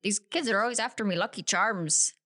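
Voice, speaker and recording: Brief: a woman impersonating a jolly cartoonish Irish leprechaun man, mid-pitched, halting sing-song brogue. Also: pushed and bright, close to an everyday voice. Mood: playful. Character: cheery male Irish cereal-ad leprechaun.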